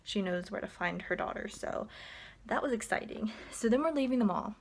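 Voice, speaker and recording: A woman's voice: medium pitch, normal speed, gravelly. A woman vlogging at home at night, casually telling a story full of "like" fillers and acted-out quotes. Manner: chatty, frequent "like" fillers, animated quoted dialogue.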